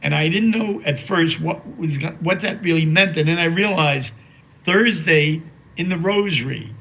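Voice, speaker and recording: An older man speaking as an interview guest, remembering his late wife with emotion, halting over fillers and restarts. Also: on the high side, creaky, a bit bright, rough recording. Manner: slow and reverent while reading a poem aloud.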